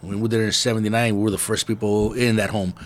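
Laid-back, low-voiced man. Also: level tone, fast talker, slight background noise. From East Los Angeles. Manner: laid-back and profane, muses aloud. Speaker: podcast host. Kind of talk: casual podcast conversation.

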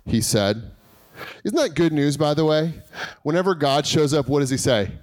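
A man preaching a Christmas Eve sermon, telling a lively personal story and acting out what people said. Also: on the high side, moderate pace, dry recording. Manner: lively storytelling with acted-out quotes. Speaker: pastor. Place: church service.

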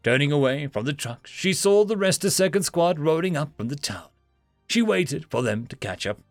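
Guy reading an audiobook, animated, a bit higher voice, gravelly edge. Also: moderate pace, no room sound, faint music behind. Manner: expressive, does character voices. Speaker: narrator. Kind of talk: audiobook narration.

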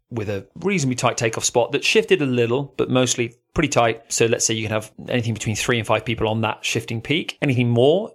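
A man co-hosting a podcast, telling a story in a casual chat with plenty of fillers. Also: medium pitch. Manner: animated, rising loudly at the story's climax; many fillers, uh and um. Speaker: podcast co-host.

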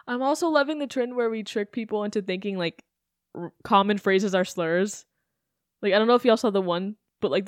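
A woman's voice: medium pitch, no room sound, clean studio sound. A young adult woman hosting a podcast, ranting in a chatty, sarcastic way with self-questioning asides. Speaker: podcast host. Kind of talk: casual podcast rant.

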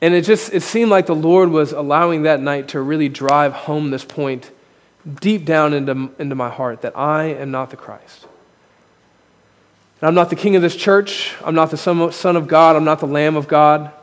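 A pastor speaks candidly and jokes at his own expense during a sermon, his emphasis climbing as each point builds. His slightly high voice keeps a steady tone and moderate pace through a podium microphone, echoing with long reverb in the church sanctuary.

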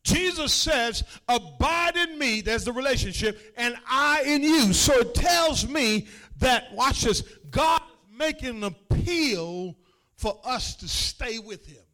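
A male pastor preaching a sermon in a call-and-response style, building from spoken lines to shouted, sung-out phrases. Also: extremely high pitch, animated, takes it slowly.

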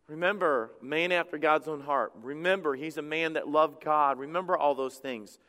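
High-voiced pastor preaching in a reverberant church. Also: male voice, normal speed, hardly any pauses. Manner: animated preaching with acted quotes and repeated stammered restarts. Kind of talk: sermon.

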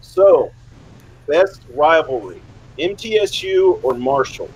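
A middle-aged man hosting an interview, a former player himself, telling stories with animated, high-voiced quotes. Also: slow, slight background noise, rough recording. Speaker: podcast host, former player. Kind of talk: casual interview.

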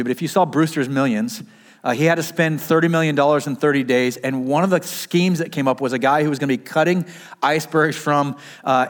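Wearing a mask that muffles his somewhat high voice, a man delivers a sermon as a pastor. He keeps it conversational, putting questions to the congregation and then answering them himself.

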